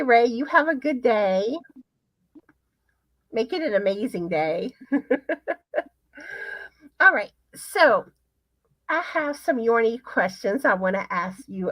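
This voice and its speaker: A woman's voice: on the low side, a bit bright, dry recording. A woman hosting a live stream who chats in a rambling way and fills gaps with "like" and "you know.". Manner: chatty, rambling, full of fillers. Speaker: host. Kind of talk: casual live-stream chat.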